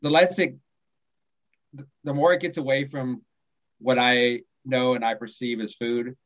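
A man in his forties from the USA, a podcast guest chatting casually, talking haltingly with many restarts and small chuckles over a remote call. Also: mid-range voice, fairly even intonation, lo-fi sound. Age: 40s. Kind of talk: casual conversation.

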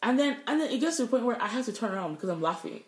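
Racing along in a fairly high, very animated voice, a young podcast co-host vents about work in a casual chat, cursing freely as she tells the story. The room around her is echoey.

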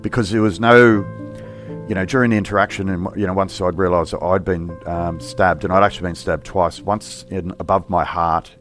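A middle-aged man, a police officer, recounting a personal story in an interview in a halting, reflective, plain-spoken way. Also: low voice, steady tone, fairly bright tone, faint music behind.

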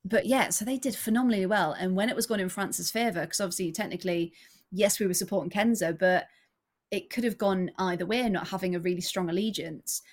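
A woman co-hosting a casual sports podcast, excitable and quick to laugh. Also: medium pitch. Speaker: podcast co-host.

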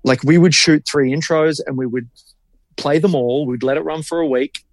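A man's voice: fairly high pitch, steady tone, moderate pace, no echo. A man, co-hosting a podcast as a marketing creative in casual chat, blunt and opinionated and swearing freely.

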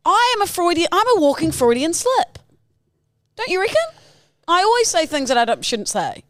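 A woman's voice: very high voice, big pitch swings, normal speed, fairly bright tone, no room sound, clean studio sound. A woman, a podcast co-host in casual, joking chat. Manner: joking and teasing.

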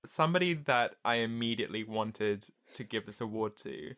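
A man co-hosting a podcast in casual chat, playful and animated. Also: medium pitch, moderate pace. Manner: animated, playful, jumps into silly voices. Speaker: podcast co-host.

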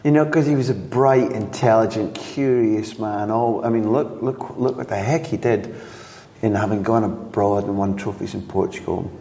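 A male host leads a relaxed interview, probing with curious questions. His voice sits fairly low and warm, with a long reverb trailing in the room. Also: moderate pace. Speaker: podcast interviewer. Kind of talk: casual interview chat.

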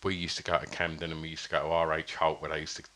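A man's voice: extremely low pitch, little pitch movement, rapid-fire, sharp tone. A man telling a rambling anecdote in casual podcast chat, full of fillers and restarts. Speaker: podcast guest.

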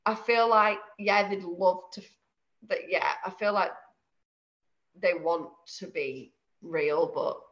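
Laughing, animated woman on a dull line. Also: on the low side, takes it slowly. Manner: animated, laughing, swears freely. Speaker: evicted reality show contestant, guest. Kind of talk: casual interview chat.

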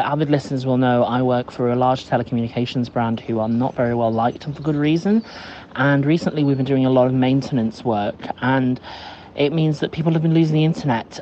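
A man's voice: medium pitch, warm tone. A man leaving a chatty, amused voice message telling a story from work. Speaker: caller leaving a voice note. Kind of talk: recorded voice message. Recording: dull lo-fi voice note with faint hiss.

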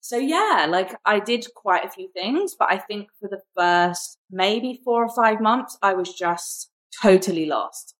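A woman's voice: mid-range voice, animated, unhurried, few pauses, fairly bright tone, poor audio. A young woman guest on a podcast, speaking reflectively and openly about personal struggles. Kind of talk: candid conversational interview.

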